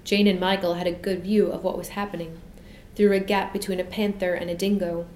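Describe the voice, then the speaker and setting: A woman's voice: lowish voice, level tone, brisk, darkish tone, slight background noise. Woman reading a storybook aloud. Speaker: narrator. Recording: echoey room.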